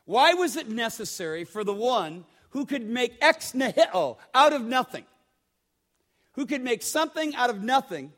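A man's voice: extremely high pitch, big pitch swings, moderate pace, fairly bright tone. A man preaching a sermon in a conversational way, often repeating words and asking the congregation questions. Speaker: pastor.

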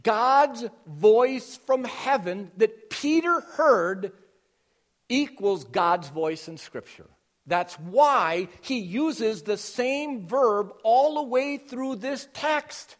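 A man preaching an expository sermon to his congregation, teaching with emphatic stresses that drop to quiet intensity. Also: very high-pitched, animated, drawn-out words.

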